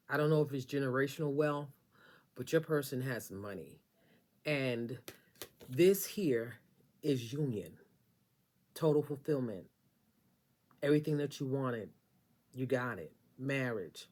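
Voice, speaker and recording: This casual tarot reading comes from a woman with a bass voice that's a little mellow. She talks straight to the listener, emphatic and sassy, and repeats phrases to make them land.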